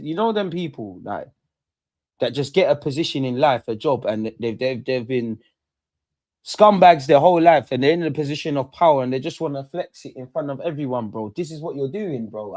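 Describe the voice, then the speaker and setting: A man's voice: fairly high pitch, dry recording. Slangy young man ranting about football. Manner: animated, slangy, rants then calms. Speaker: football watchalong host. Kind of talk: casual post-match reaction.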